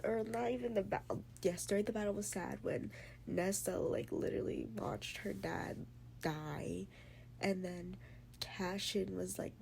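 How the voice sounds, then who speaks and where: A woman's voice: a little high, creaky, dark tone, slight background noise. A young woman in a casual reading vlog, gushing and teary, full of "like" and "oh my god", often dropping to a whisper. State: teary and emotional. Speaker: book vlogger.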